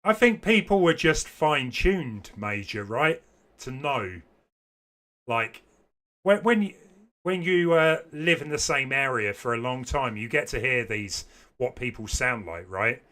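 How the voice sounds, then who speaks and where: A man's voice: mid-range voice, animated, measured pace, sharp tone. A man livestreaming a video game, chatting casually and rambling to his viewers. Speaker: gaming livestreamer. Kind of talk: casual chat while streaming a game.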